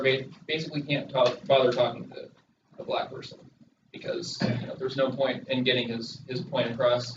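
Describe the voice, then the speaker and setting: A young man, a student, gives casual commentary on a book, halting and searching for words as he goes. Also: medium pitch, noisy background. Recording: distant, echoey, dull room recording.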